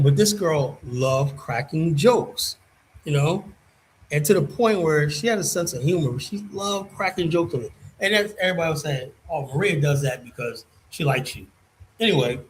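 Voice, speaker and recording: Male streamer with a slightly high voice, rambling and profane, drops to a mutter and then punches words loud. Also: slight background noise, rough recording. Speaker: streamer and commentator. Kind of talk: casual storytelling monologue.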